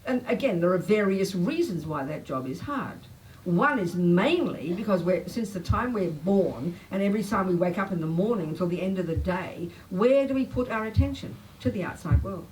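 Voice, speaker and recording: An older woman teaching a public Buddhist talk, blunt and emphatic, pitch swinging up when she makes a point. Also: lively intonation, moderate pace, a little mellow, distant mic, low-quality recording. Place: talk venue. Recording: faint noise, voice a bit off-mic.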